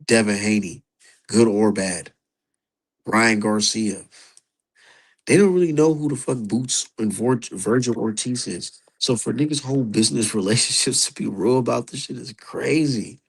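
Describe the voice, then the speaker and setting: A man's voice: medium pitch, normal speed, vocal fry, slightly rough, low-quality recording. A man streaming live, giving casual, profane commentary and talking straight to his chat. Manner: profane, animated, talks to chat.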